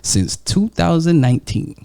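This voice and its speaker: A man's voice: fairly high pitch, big pitch swings, a little slow, gravelly, darkish tone, clean tone. A man co-hosting a podcast, bantering casually, swearing freely and laughing often as he acts out little quotes. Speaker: podcast co-host.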